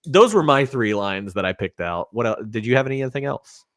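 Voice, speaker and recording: A man's voice: medium pitch, animated, moderate pace, crowd noise. A man co-hosting a casual movie-review podcast, rambling, with lots of fillers and restarts. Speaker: podcast co-host.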